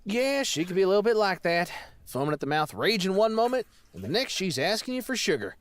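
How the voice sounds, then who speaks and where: A woman's voice: medium pitch, very animated, brisk, natural voice. A woman voicing a blunt, folksy young country man with a brash, plain-spoken drawl. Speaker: voice actor reading a character.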